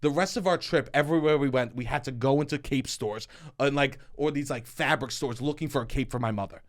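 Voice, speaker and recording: A young man co-hosting a podcast, telling stories casually with swearing and mock shouting. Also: medium pitch, a little fast. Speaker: podcast co-host. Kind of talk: casual chat.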